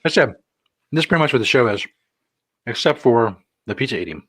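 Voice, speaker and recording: A man's voice: medium pitch, very animated, brisk, a bit bright, husky, no echo. A middle-aged man co-hosting a casual chat show, wry and self-mocking as he reads out viewer comments. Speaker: co-host.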